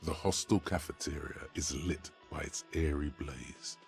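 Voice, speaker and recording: A man's voice: very deep voice, measured pace, gravelly, faint music behind, full character voice. A man voicing a solemn inner-voice narrator in a video game, speaking with dramatic weight. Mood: grandiose.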